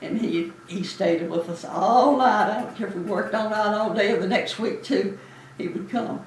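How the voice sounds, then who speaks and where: Heard from a distant mic in an echoey room with slight background noise, an elderly woman in her eighties talks at a normal speed and medium pitch. Once a Navy nurse, she recalls her past for an interviewer, warm, chatty, and quick to laugh.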